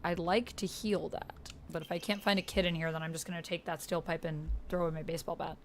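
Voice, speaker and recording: A young woman with a Canadian accent chatting casually to her viewers while playing a game live, reading out chat and filling pauses with "uh" and "like". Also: fairly low pitch, little pitch movement, a little hiss or hum. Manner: chatty, reads chat aloud, frequent fillers. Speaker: streamer. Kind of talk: live-stream gameplay chat.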